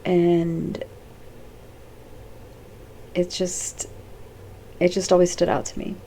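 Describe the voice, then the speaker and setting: A woman's voice: lowish voice, monotone, takes it slowly, mellow, a little hiss or hum. A woman vlogger talking casually to viewers in a rambling, off-the-cuff way, with many fillers and restarts. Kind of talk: casual talk to camera.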